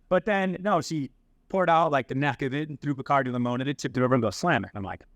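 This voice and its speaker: A man in a cigar bar rattles off a story at a quick clip, slipping into the voices of the people in it. His pitch sits in the middle range. The sound is close and dry. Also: no echo, muffled recording. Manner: animated, acts out quoted voices. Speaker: podcast co-host. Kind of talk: casual storytelling.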